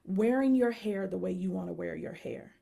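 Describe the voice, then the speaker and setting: Energetic Southern woman, gravelly dark voice. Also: medium pitch, moderate pace. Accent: Southern American. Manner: energetic, repeatedly addresses audience as y'all. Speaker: psychologist and speaker. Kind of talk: live-stream announcement.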